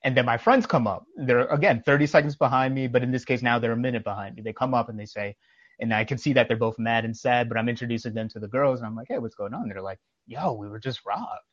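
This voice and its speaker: A man's voice: mid-range voice, fairly even intonation, quick pace, dry recording, dull audio. Emphatic man telling street stories. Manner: emphatic, preachy, tells anecdotes with quoted dialogue. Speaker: podcast co-host. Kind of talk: casual podcast storytelling.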